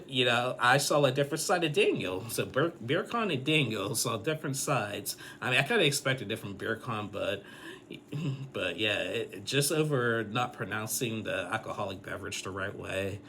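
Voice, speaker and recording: A man's voice: lowish voice, expressive, normal speed, bright, forceful tone, a little hiss or hum. A man giving a casual, rambling episode recap, full of fillers and restarts. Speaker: recap vlogger.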